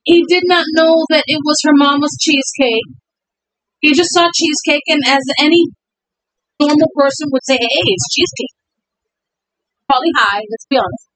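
Woman podcast co-host, high voice, dry close sound, teasing and chatty. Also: a little fast, a bit bright, no room sound, rough recording. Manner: playful, teasing, laughs often. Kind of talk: casual podcast chat.

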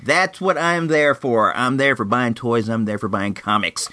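A man hosting a podcast, talking casually in a lively, chatty way with drawn-out asides. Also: mid-range voice, no echo. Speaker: podcast host. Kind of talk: casual monologue.

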